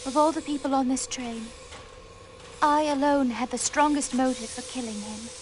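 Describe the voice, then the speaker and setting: A woman plays a countess in an adventure game who hides her past behind a very high, thin American voice. Her replies are clipped and guarded, and old grief sits just underneath them. A faint hiss runs behind her. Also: steady tone, moderate pace, natural voice. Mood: bitter, intense. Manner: guarded, then openly grief-stricken. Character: aristocratic countess hiding her past, grieving. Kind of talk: voice acting in a video game.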